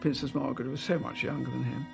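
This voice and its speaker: An older woman recalling old memories in an interview, chatty and anecdotal, with fillers and soft laughs. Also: a bass voice, steady tone, quick pace, vocal fry, music in the background. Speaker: interviewee, former lady-in-waiting. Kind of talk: reminiscing in an interview.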